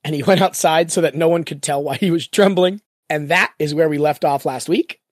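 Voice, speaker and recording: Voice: medium pitch, a little fast, no echo. Rambling podcast host, dry mic. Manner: rambling, jokey. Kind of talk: casual chat.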